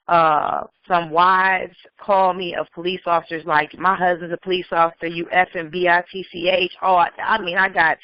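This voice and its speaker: A woman's voice: on the low side, smooth, dry recording. Earnest woman officer on a muffled call. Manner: earnest, emotional, plain-spoken. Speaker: guest, police officer. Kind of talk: remote interview. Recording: muffled dry call audio.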